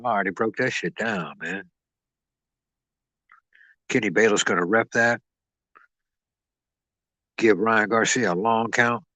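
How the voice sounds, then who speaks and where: A man's voice: lowish voice, fairly even intonation, unhurried, long pauses, bright, forceful tone, dry recording, rough recording. A man rambling and boasting as he stands in as host of a boxing live stream, swearing freely and talking to his chat.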